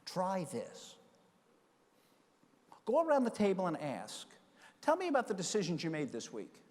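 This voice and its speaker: Older american guy giving a keynote, kinda high voice, lots of hall echo, acts out the people in his stories. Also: moderate pace. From United States. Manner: animated, acts out quoted voices. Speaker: keynote speaker. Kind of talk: storytelling keynote speech. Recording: long reverb of a large hall.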